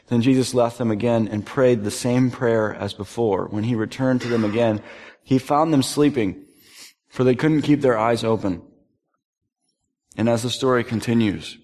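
A man preaching a sermon earnestly, at times emphatic and at times dropping to a hushed, quiet voice. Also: mid-range voice, moderate pace, in a large hall. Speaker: pastor.

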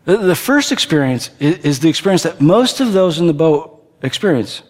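A man preaching a conversational sermon, animated and playful, acting out the people in the story. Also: fairly high pitch, moderate pace. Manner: animated, conversational, acts out characters' lines. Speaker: pastor. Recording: long reverb of a big hall.

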